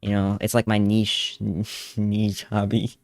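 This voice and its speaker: A man's voice: on the low side, completely flat delivery, takes it slowly, vocal fry, no echo. A young man streaming, chatting casually and rambling with laughs while he draws. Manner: rambling, laughing, hums along to songs. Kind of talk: casual livestream chat while drawing.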